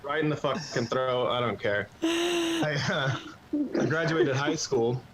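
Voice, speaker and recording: Brash, lively young man doing stand-up. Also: mid-range voice, unhurried, very noisy. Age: 20s. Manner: crude, brash, self-mocking punchlines. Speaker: stand-up comedian. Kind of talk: stand-up set on an open mic livestream.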